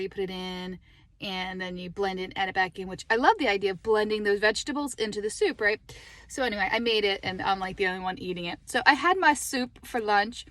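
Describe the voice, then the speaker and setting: A middle-aged woman talking casually to her phone camera from a parked car, chatty and animated, laughing often. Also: medium pitch. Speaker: lifestyle vlogger.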